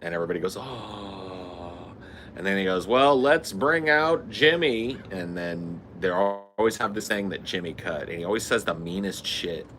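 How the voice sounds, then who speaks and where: A man's voice: deep voice, fairly quick, hardly any pauses, noisy background. A man co-hosting a podcast, telling stories with lots of swearing, laughter and voice impressions. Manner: animated storytelling, mimics voices, laughs often, swears freely. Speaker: podcast co-host. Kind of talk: casual comedic chat.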